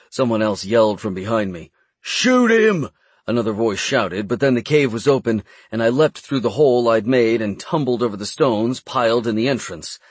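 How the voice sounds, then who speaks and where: A man reading a first-person fantasy adventure audiobook in a brisk storytelling manner. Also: lowish voice, no echo. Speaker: audiobook narrator.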